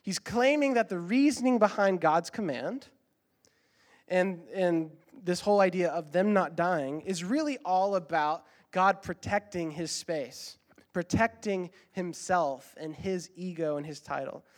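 Earnest high-voiced male preacher. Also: a little slow. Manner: earnest, emphatic preaching with repeated exhortations; uses fillers like um and uh when explaining. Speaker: pastor. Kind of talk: sermon.

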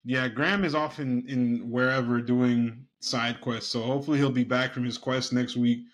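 A man's voice: mid-range voice, fairly even intonation, moderate pace. Rambling male podcast host. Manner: loose, rambling, searching for words. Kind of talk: casual chat.

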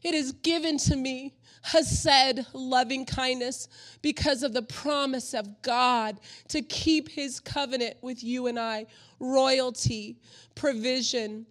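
A woman's voice: high voice, steady tone, slow pace. A middle-aged woman pastor preaching a sermon, earnest and emotional, mixing scripture with homey stories.

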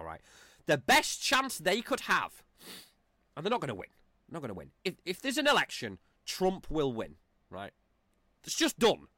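A man's voice: fairly high pitch, bright, forceful tone, no echo, studio quality. A man hosting a podcast, delivering a profane, rambling and mocking rant on his own. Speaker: podcast host. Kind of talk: ranting podcast monologue.

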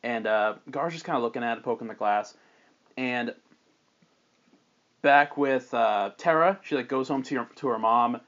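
A man casually pitching a story plot on a comedy podcast, rambling with lots of "like" and quickly acting out characters' lines. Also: fairly bright tone. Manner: rambling, many "like"s, acts out characters in quick voices, laughs often. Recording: dull lo-fi audio.

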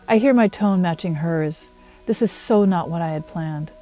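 A woman's voice: on the low side, normal speed, dark tone, soft background music. A woman author reading her first-person novel aloud in a wry, self-mocking tone.

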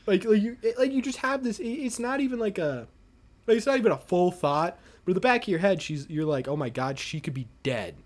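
High-voiced man telling stories on a podcast. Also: brisk. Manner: animated, profane, retells scenes with quoted voices. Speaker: podcast host. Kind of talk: casual podcast storytelling.

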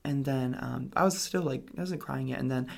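A man's voice: medium pitch, a little fast, creaky. A young man telling a personal story in a casual, rambling way, full of "like" and "um" fillers. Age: young adult. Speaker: guest telling his story.

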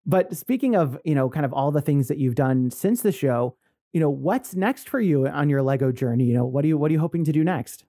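A woman's voice: deep voice, expressive, a little fast, dark tone, dry recording, studio quality. A woman hosting a podcast interview, asking encouraging questions padded with "you know". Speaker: podcast host.

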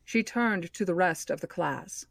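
A woman hosting a book club podcast, reading a novel aloud in a measured, expressive way. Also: lowish voice, creaky, no echo.

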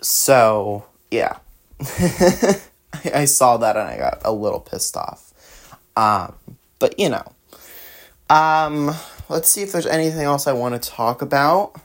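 Fiery low-voiced woman. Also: animated, slow. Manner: fiery, indignant, swings from loud outbursts to low sighs. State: out of breath at times. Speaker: podcast host. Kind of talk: impassioned political monologue.

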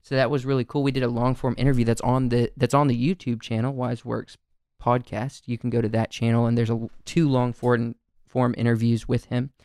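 A man's voice: medium pitch, little pitch movement, a little fast, a little mellow, clear, resonant tone, dry recording, studio quality. A man co-hosting a podcast, talking in an earnest, rambling way and laughing often. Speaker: podcast co-host. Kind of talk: casual chat.

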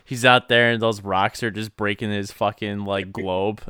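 A man's voice: fairly low pitch, steady tone, measured pace, sharp tone, smooth, no echo. A man co-hosting a casual movie recap podcast, joking around, swearing casually and laughing often. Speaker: podcast co-host.

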